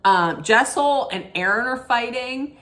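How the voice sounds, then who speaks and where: A woman's voice: on the high side, animated, unhurried, sharp tone. A woman hosting a casual reality TV recap, ranting emphatically with disapproving "mm-mm"s and restarts. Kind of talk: casual opinionated recap rant.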